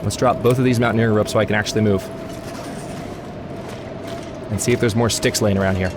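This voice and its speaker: A man's voice: lowish voice, steady tone, quick pace, noisy background. A man hosting a let's play, rambling through gaming commentary and grumbling at the game in exasperated asides. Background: game music.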